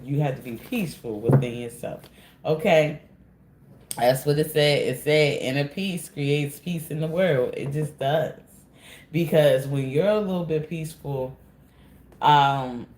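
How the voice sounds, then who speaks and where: A man's voice: mid-range voice, darkish tone, echoey room, slight background noise. A man doing a casual, rambling tarot card reading, repeatedly addressing his listeners as collective.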